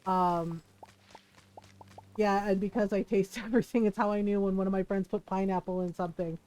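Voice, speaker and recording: A woman's voice: medium pitch, steady tone, normal speed, dark tone. A woman streaming a game, chatting casually and telling stories, acting out what her family said. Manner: chatty anecdotal storytelling, acts out family quotes. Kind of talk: casual live-stream chat while playing.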